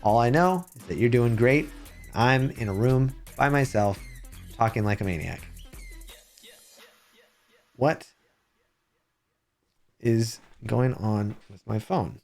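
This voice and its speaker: A man streaming live, chatting casually with his viewers and telling rambling, animated stories. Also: medium pitch, takes it slowly, gravelly, long pauses, faint music behind. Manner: rambling, animated storytelling with chat shout-outs.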